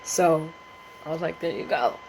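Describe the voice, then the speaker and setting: A woman vlogger telling a casual storytime, animated and profane, rambling with slang and fillers and often laughing. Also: lowish voice, normal speed, a little hiss or hum, poor audio.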